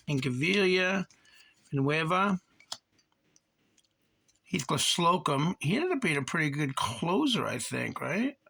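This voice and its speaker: A man's voice: fairly high pitch, creaky, bright, forceful tone, slight background noise. A man hosting a card-collecting channel, chatting casually and rambling as he reads off card names while opening packs. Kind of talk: casual box-opening commentary.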